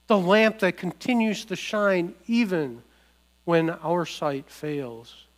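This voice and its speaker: A man preaching a sermon in a measured, declarative way, with deliberate pauses between phrases. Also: high voice. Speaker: pastor.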